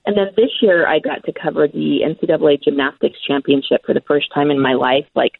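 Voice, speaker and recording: A middle-aged woman sports broadcaster tells her stories with real enthusiasm and laughs easily. Her voice is gravelly and a bit husky. It comes through a tinny, dry line that sounds like a phone. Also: low-pitched, steady tone, fairly quick, dry recording. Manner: enthusiastic storyteller, laughs often. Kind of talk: casual interview chat.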